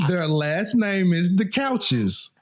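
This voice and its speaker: A man's voice: sits high, slow pace, background noise. A young man co-hosting a podcast, telling stories in casual chat and laughing often. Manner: laughs often, animated storytelling. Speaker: podcast co-host.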